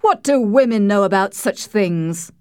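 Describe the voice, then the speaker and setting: A woman voicing a short-tempered Victorian gentleman who shouts and gives orders. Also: a little high, big pitch swings, unhurried, dry recording, clean studio sound. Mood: furious. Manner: shouting, commanding.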